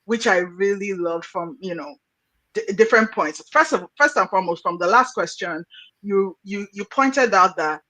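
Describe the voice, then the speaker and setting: A woman's voice: medium pitch, lively intonation, moderate pace, sharp tone, rough recording. A woman hosting an interview, affirming her guest and thinking aloud with frequent restarts. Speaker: podcast host. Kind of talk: conversational interview.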